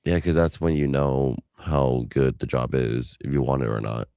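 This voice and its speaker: A man's voice: very deep voice, fairly even intonation, normal speed, gravelly, warm tone, no room sound, studio quality. A man co-hosting a podcast who mostly gives short reactions and brief answers in casual chat. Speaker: podcast co-host.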